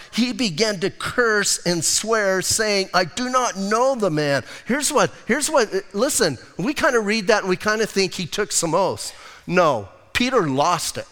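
A male pastor preaching a sermon in a casual, animated style, using slang and acting out the lines of the people in the story. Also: high voice, in a large hall. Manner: animated, conversational preaching with slang and acted-out quotes. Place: church sanctuary.

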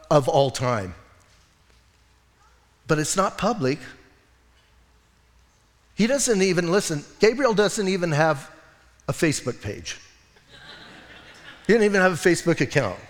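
High-voiced pastor preaching in a reverberant church. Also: male voice. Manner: conversational, animated preaching with frequent "listen" and "right?". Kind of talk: sermon.

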